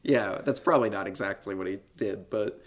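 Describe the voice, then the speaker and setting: A man co-hosting a podcast, retelling a film scene by scene in a relaxed, laughing, casual way. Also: fairly low pitch, brisk, a crowd in the background. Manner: relaxed storytelling, laughs often, swears casually. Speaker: podcast co-host. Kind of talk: casual film recap chat.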